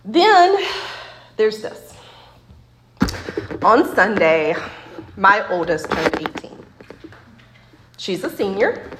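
A woman's voice: medium pitch, big pitch swings, very slow, long pauses, a bit bright, slight background noise. A woman in her forties giving a casual, chatty Bible talk with stories, often laughing and asking "right?", recorded in an echoey room. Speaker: women's Bible study speaker.

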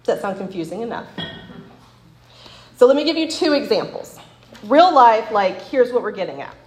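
Woman in her forties, lively chatty Bible teacher, lots of "like", echoey room. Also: fairly high pitch, normal speed, slight background noise. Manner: chatty, laughing, full of "like" and "right?". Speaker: women's Bible study speaker. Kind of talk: casual teaching talk with stories.

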